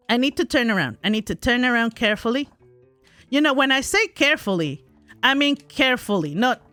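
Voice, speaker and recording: Woman streamer, higher voice, giggly play-by-play, bright tone. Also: big pitch swings, normal speed, pauses often, soft background music. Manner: giggly, self-talking, exclaims in frustration. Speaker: gaming streamer. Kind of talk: live gameplay commentary.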